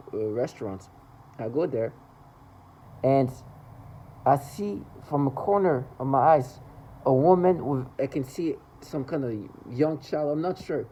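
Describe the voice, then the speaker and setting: This vlogger speaks to the camera in an agitated personal monologue, his voice on the high side with a dark tone. He rambles, restarting and repeating himself, and mimics other people's laughter. The recording is rough, with a little hiss or hum.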